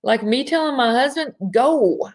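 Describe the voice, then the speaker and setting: Woman, live online host, at home, bubbly, laughs often, leisurely pace, soft voice for breathing guidance. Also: a little high. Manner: bubbly, laughs often, speaks directly to the audience; soft and slow when guiding breathing. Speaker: host of an online women's gathering. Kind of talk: live-streamed coaching talk with guided breathing.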